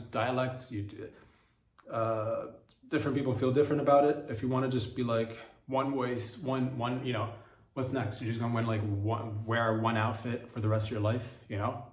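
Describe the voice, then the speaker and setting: A man's voice: medium pitch, echoey room, distant mic. A man hosting a comedy podcast, riffing through a rambling, irreverent solo monologue full of rhetorical questions. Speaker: podcast host.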